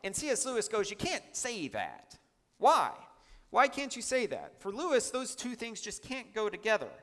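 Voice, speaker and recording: A man's voice: very high voice, big pitch swings, normal speed, fairly bright tone, in a large hall. A man preaching a sermon in a church, emphatic and chatty, with asides to the congregation.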